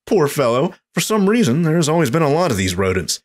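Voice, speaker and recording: A young man casually commenting as he plays a video game, chatty and excitable, jumping high in pitch when startled. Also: fairly quick, hardly any pauses. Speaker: gaming channel host. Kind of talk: casual let's play commentary.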